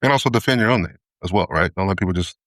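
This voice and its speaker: A man with a low voice talks quickly and loosely, piling up fillers and profanity as he makes his point. The sound is close and dry, with no room around it. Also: a bit bright, no echo. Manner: fast, rambling, heavy on fillers and profanity. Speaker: podcast co-host. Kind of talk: casual chat.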